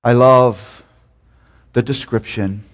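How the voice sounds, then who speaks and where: Male preacher, sermon, slow deliberate delivery, loud peaks and hushed drops, long hall reverb. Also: steady tone, lo-fi sound. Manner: swings from loud emphatic peaks to hushed low lines.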